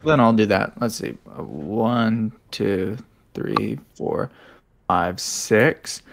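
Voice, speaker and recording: A man's voice: fairly low pitch, very slow, creaky, a little hiss or hum. A man playing in a tabletop game, talking casually and counting out his moves aloud. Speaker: player.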